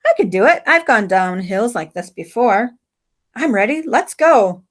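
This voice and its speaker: A woman voicing an excited young girl on a bike, eager and breathless as she calls out. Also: mid-range voice, moderate pace.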